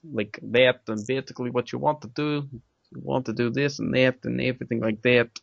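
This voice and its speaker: A man's voice: mid-range voice, steady tone, fairly quick, gravelly, no echo. A man with an English accent hosting a casual podcast chat, rambling and laughing often. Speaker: podcast host. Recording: dry, dull lo-fi mic.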